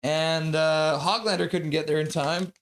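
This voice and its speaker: A man's voice: on the high side, fairly even intonation, a little slow, a bit bright. A man hosting a live stream, calling hockey play-by-play in a casual, chatty way and joking with chat between calls.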